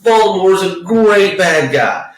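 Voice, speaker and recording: A man's voice: high-pitched, animated, measured pace, a loud crowd. A man co-hosting a podcast, talking casually about a movie in a rambling, profane way full of restarts. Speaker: podcast co-host. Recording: echoey room, distant mic.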